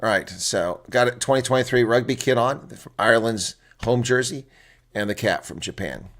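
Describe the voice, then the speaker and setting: A man's voice: medium pitch, normal speed, fairly bright tone. A man hosting live rugby reaction commentary, reading out team lineups and chatting bluntly with viewers. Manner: chatty, blunt, exclaims often.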